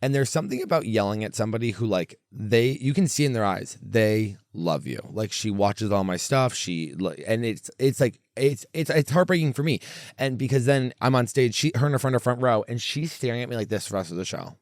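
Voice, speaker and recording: A man's voice: mid-range voice, fairly quick, no echo, studio quality. A young man who hosts a comedy podcast, telling stories in a loose, rambling way full of fillers and restarts. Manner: rambling, animated, lots of fillers and self-interruptions. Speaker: podcast host and stand-up comedian. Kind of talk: casual storytelling chat.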